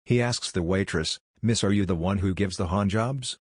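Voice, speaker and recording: Deep-voiced man telling jokes deadpan. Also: normal speed, slightly rough, no room sound, studio quality. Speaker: joke narrator. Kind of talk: reading jokes aloud.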